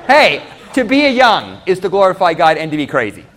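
Animated high-voiced man preaching. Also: fairly quick, some chatter behind, slight background noise. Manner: animated, questions the congregation directly. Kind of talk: sermon. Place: church.

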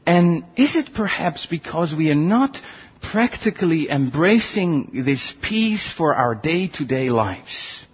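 Male pastor, sermon delivery, slow and deliberate with a slightly raised pitch, dull lo-fi recording. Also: slightly rough. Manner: earnest, rhetorical questions, animated swings in pitch.

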